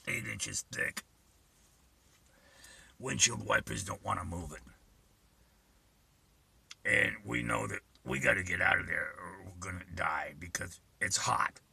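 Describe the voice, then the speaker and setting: Gravelly older man telling a story. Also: low voice, animated, takes it slowly, pauses often, bright, forceful tone. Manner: profane, vivid, earnest retelling. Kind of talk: personal storytelling.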